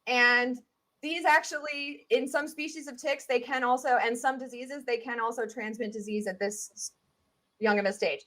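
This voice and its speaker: Woman, Southern US accent, high voice, chatty, animated, filler-heavy, expert guest in casual interview. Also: normal speed.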